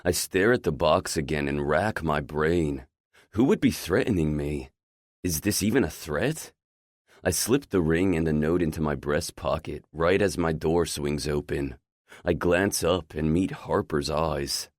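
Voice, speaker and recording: A man narrating a romance audiobook in the first person, measured and inward. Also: rumbling low, no echo, studio quality.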